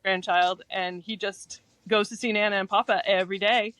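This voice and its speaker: A woman's voice: mid-range voice, fairly even intonation, normal speed, a bit bright, no room sound. A woman guest in casual chat, telling fond stories and laughing often. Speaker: podcast guest.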